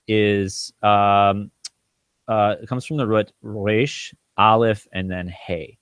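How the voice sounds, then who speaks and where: A man with a lowish voice walks through biblical Hebrew, thinking aloud with many ums and restarts. He slows right down to sound out Hebrew words syllable by syllable. The recording is dry, with no room echo. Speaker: Bible Hebrew teacher. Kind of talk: informal teaching walkthrough.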